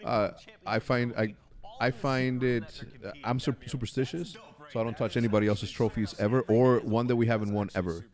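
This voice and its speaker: Young dude joking around on stream, stumbles and repeats himself, mid-range voice. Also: male voice, medium pitch, steady tone, darkish tone. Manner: joking, halting, repeats words as he talks. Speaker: watch party co-host. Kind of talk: casual stream banter.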